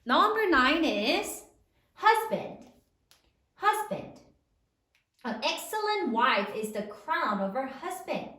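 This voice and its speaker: A woman teacher giving a slow, sing-song spelling lesson to third graders. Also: high-pitched, very animated, sharp tone, echoey room.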